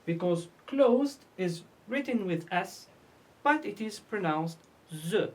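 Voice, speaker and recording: A woman's voice: medium pitch, lively intonation, slow, a little mellow. A woman teaching English pronunciation, asking and answering her own questions and repeating each word. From North Africa. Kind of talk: slow classroom lesson.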